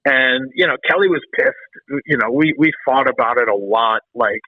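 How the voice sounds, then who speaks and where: A middle-aged man recounts his band years in a loose, animated way, circling back, restarting sentences and swearing freely. His voice sits in an ordinary middle register. It comes through a narrow, phone-like line with no room sound at all. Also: mid-range voice, moderate pace, dry recording. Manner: animated, rambling storyteller with frequent restarts and swearing. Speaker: interview guest, former metal drummer. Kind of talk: casual storytelling interview. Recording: dry, phone-like call audio.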